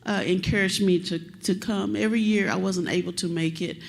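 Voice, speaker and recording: A woman from Kentucky, USA, a relative of a missing soldier, speaks from the audience at a public meeting, tearful and rambling. She calls herself a talker and is chatty throughout. Her gravelly mid-range voice stays steady in tone and runs fairly quick.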